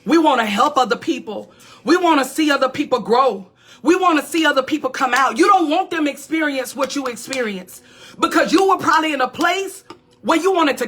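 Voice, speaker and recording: Her voice high and bright, a woman pastor preaches a motivational message. She drives points home through emphatic repetition and calls out to her listeners along the way.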